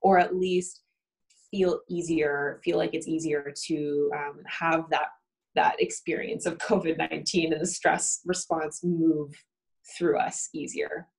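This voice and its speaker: A woman's voice: sits low, level tone, unhurried, vocal fry, a little mellow, rough recording. A woman therapist talking through coping with a colleague, thinking aloud and often checking in with "right?". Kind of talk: conversation about coping between colleagues.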